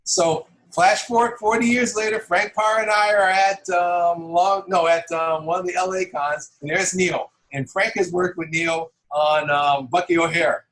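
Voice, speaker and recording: A man's voice: sits high, unhurried, hardly any pauses, rough recording. A middle-aged man, a comic book artist, talking casually as an interview guest and chuckling as he tells anecdotes. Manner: animated, chuckles while telling anecdotes. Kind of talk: casual storytelling.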